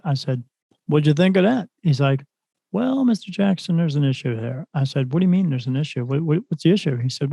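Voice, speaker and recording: On a podcast, a guest who works as a spirit medium tells a casual story, animatedly recounting what happened and voicing the other people involved. His voice sits fairly high with some vocal fry, and there's no room sound.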